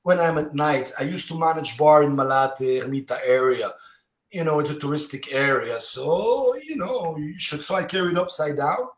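Animated man telling stories in a roomy space. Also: on the high side. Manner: animated, anecdotal, talks in quick fragments with many "you know"s. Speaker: martial arts instructor, podcast guest. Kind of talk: casual interview storytelling. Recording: roomy echo.

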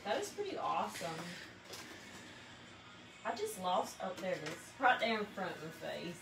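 A woman's voice: fairly low pitch, wildly swooping pitch, normal speed, creaky, music in the background. A woman demonstrating a craft on a casual livestream, chatty and laughing easily as she explains her steps. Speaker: crafter demonstrating tumbler making. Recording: roomy echo with background noise.

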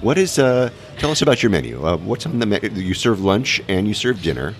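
A man's voice: on the low side, very animated, a little fast, slight background noise. A man hosting a travel show, interviewing casually in a restaurant and joking with viewers. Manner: easygoing, joking asides to viewers.

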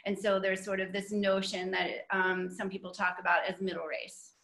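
A woman with a very bright, forceful voice chats casually on a video call. She is an artist speaking to an audience, and she laughs often as she talks. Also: mid-range voice, little pitch movement, normal speed, creaky, low-quality recording.

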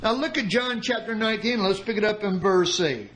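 A man preaching a sermon, reading scripture aloud and explaining it with dramatic pauses. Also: high-pitched, fairly bright tone, rough recording. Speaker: pastor.

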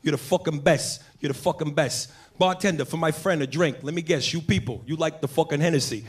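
A boisterous, brash old-school Italian-American man with a thick New York Italian accent. He talks loud and pitched high, as a comedian puts him on in a stand-up bit. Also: a little fast, a little hiss or hum, close to an everyday voice.

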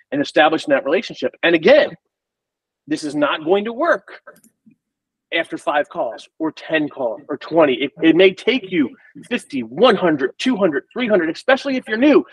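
A middle-aged man speaking in a fairly high voice, talking fast and energetically as he acts out both sides of sales calls. He sits a bit back from the mic on a video call. The sound is dry, with no room echo. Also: far from the mic. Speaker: recruiter. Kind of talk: casual explanatory talk on a group call.

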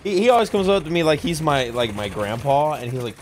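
A man streaming a shooter game with friends, talking casually with loud playful outbursts and frequent laughter. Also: on the high side, big pitch swings, quick pace, slight background noise. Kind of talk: casual gaming chat.

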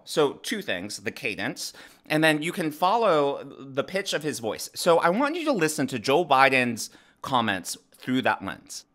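A man hosting his own political commentary channel, talking emphatically and breaking his points down step by step. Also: a little high. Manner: animated, emphatic, explains step by step. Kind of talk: opinionated commentary.

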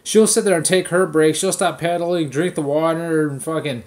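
A man's voice: fairly high pitch, steady tone, moderate pace. A man hosting a podcast, ranting casually with heavy swearing and mocking impressions of people. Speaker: podcast host. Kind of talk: casual profane rant.

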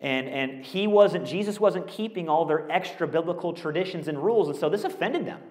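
A male pastor preaching a conversational, animated sermon with rhetorical questions. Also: on the high side, brisk. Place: school auditorium used as a church. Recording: echoey auditorium.

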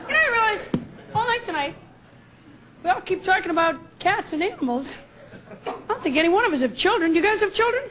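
Chatty high-voiced female stand-up comic. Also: lively intonation, fast talker, pauses often. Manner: chatty, talks straight to the audience. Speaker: stand-up comedian. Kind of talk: stand-up routine. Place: comedy club stage with live audience. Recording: loud crowd laughter and noisy live room.

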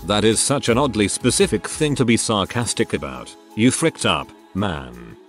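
A man's voice: fairly low pitch, animated, moderate pace, over music. A man reading online posts aloud as a scripted storytelling narration.

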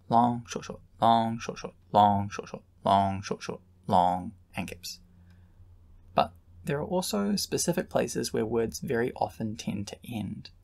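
A man giving a scripted lesson, measured and explanatory, who at times chants patterns of long and short beats. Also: medium pitch, creaky, slightly rough. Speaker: teacher explaining Greek metre. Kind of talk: scripted educational narration.

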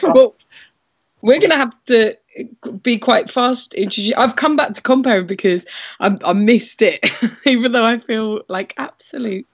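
A woman hosting an online comedy club, chatting in a bubbly, excited way over a video call. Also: fairly high pitch, unhurried. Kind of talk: casual live-stream hosting.

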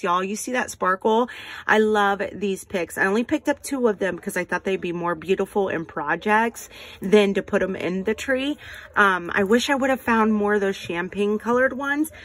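A woman, chatting casually in a haul video, gushing and folksy and quick to poke fun at herself. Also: medium pitch. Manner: gushing, folksy, excitable, self-deprecating. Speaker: haul vlogger.

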